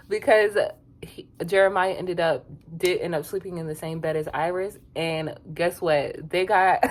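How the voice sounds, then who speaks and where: A woman giving a casual, sassy recap of a reality show, chatty and quick to laugh. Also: lowish voice. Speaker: reality TV reviewer.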